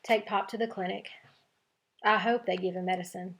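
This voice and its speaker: Woman teacher, read-aloud of a middle-grade novel, gravelly, expressive. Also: medium pitch, normal speed, a little hiss or hum. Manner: expressive, lively voicing of dialogue. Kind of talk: reading a chapter book aloud.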